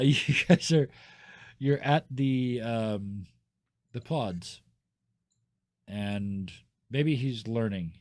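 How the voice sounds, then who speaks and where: A man's voice: on the low side, a little mellow, dry recording, studio quality. A man narrating as game master of a tabletop game, chatty and laid-back.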